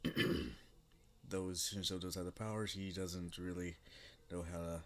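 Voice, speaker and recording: A man's voice: low-pitched, little pitch movement, measured pace, a bit bright. A young man casually narrating a homemade fan story, rambling and unscripted with lots of fillers.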